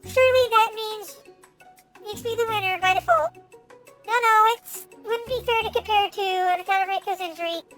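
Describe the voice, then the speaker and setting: A young woman streamer reads a game's text aloud in a very high, girlish voice. She stumbles over words and bursts out in excitement as she comments. Soft music plays faintly underneath. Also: moderate pace, rough recording. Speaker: VTuber streamer.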